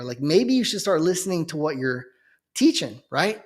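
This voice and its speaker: A man's voice: fairly high pitch, big pitch swings, moderate pace. A young man giving an earnest, fervent Christian testimony as a preacher, often checking in with "okay?". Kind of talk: emotional personal testimony.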